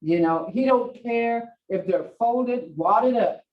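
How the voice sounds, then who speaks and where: An older woman teaching a language class tells chatty stories in a slow, fairly high voice, laughing often. She acts out the bossy commands she gives at home, heard through distant, echoey, dull classroom audio.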